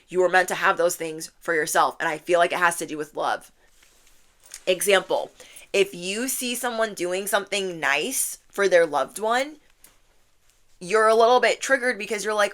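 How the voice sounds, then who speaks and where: A woman in her thirties giving a channeled tarot reading, animated and playful, acting out her listeners' thoughts in quick voices and laughing often. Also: on the low side. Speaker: tarot reader.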